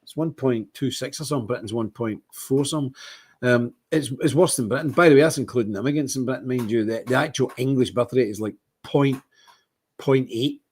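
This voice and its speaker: Scottish livestream host with a husky voice, rambling and given to indignant outbursts. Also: male voice, mid-range voice, brisk, a little mellow. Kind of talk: casual livestream monologue.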